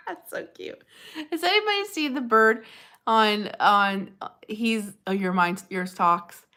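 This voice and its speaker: A woman hosts a relaxed live stream with a bright, clear voice. She chats with viewers by name and gushes openly. Her tone is friendly and unscripted. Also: medium pitch, measured pace. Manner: chatty and gushing, answers viewers by name, frequent laughs. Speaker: livestream host. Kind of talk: casual live-stream chat reading viewer comments.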